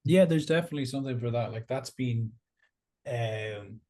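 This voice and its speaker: An Irish man talking in a casual podcast chat, ranting in an animated, sweary way and laughing as he goes. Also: medium pitch, moderate pace.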